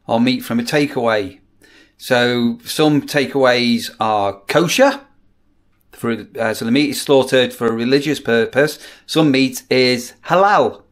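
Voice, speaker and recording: A middle-aged British man chats away in a loose, rambling vlog, putting questions to his viewers and stumbling over repeated words. His voice sits a touch high for a man and swings widely up and down as he talks. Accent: British English. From United Kingdom. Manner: chatty, asks viewers questions, repeats words when restarting. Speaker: vlogger, campsite warden.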